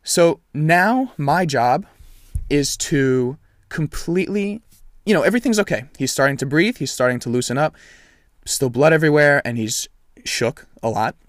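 A young man telling a story in casual, animated chat, swearing freely and acting out what people said. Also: fairly high pitch, moderate pace, no room sound, studio quality. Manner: animated, profane, reenacts dialogue.

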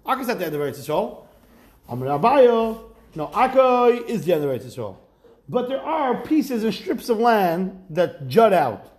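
A man leads a Talmud class in a high, animated voice, tossing questions at his students and weaving Hebrew and Aramaic phrases into his English. The room echoes around him. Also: normal speed. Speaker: rabbi teaching Talmud.

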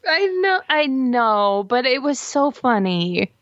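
A woman co-hosting a podcast, chatting casually about a movie, giggly and animated, swearing now and then. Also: sits high, slow pace, no echo, highs cut off. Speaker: podcast co-host.

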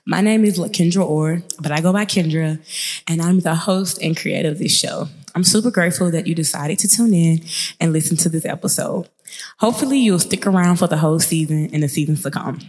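A woman's voice: deep voice, brisk. Chatty Mississippi-accented young woman. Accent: Mississippi Southern. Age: 20s. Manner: chatty, upbeat, speeds up when excited. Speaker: podcast host. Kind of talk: casual podcast monologue. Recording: long reverb.

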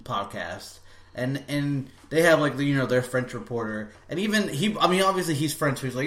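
A man's voice: mid-range voice, expressive, a little fast, fairly bright tone. An American man hosting a podcast in a casual chat, rambling and laughing often. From United States. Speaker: podcast host. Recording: echoey room, faint background noise.

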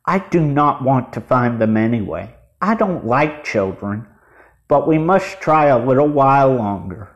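A man's voice: mid-range voice, expressive, measured pace, lo-fi sound, natural voice. A man voicing a grumpy middle-aged wife who dislikes children, speaking curtly. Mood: grudging. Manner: curt, grudging.

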